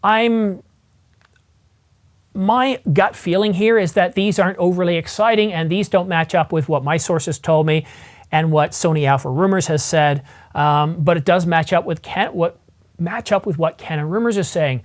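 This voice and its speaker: An eager camera vlogger who talks straight to the viewer in a loose, rambling way. The voice sits at an ordinary middle pitch and keeps circling back as they think aloud. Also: moderate pace. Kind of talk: casual vlog commentary.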